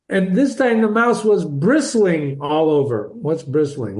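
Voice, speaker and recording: A man's voice: a little high, lively intonation, slow pace, hardly any pauses, darkish tone. An older man reading a classic novel aloud and explaining it like a teacher, in a chatty, digressive way with chuckling asides. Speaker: reader and teacher.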